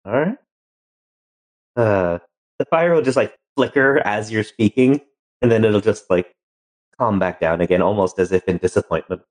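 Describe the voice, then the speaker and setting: A man running a tabletop game as game master, talking in a playful, relaxed way. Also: lowish voice, normal speed, pauses often.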